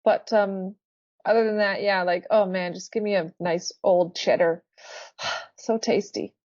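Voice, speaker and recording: A woman's voice: mid-range voice, steady tone, a little slow, darkish tone, no room sound. A woman who sings in a band, a guest in a casual interview, talking earnestly and laughing easily. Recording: dull lo-fi dry sound.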